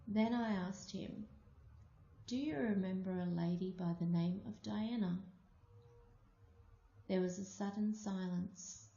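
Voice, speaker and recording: A woman from Australia telling a personal story aloud, slow and deliberate. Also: medium pitch, creaky, mellow. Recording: muffled, echoey room.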